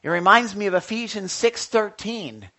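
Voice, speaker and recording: A male pastor delivering a sermon in an animated way, swinging between loud emphasis and soft, quiet asides. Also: sits high, moderate pace.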